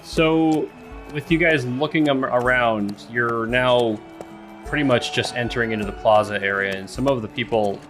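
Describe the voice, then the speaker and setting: A man acting as game master narrates a tabletop game, rambling with many fillers. He has a mid-range, fairly bright voice at a moderate pace, with soft music in the background.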